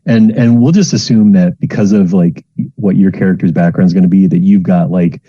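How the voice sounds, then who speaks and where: A man's voice: deep voice, fairly even intonation, brisk, dark tone, husky. A man narrating as dungeon master, rambling with lots of fillers and restarts. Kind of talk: narrating a tabletop game. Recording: muffled lo-fi home recording.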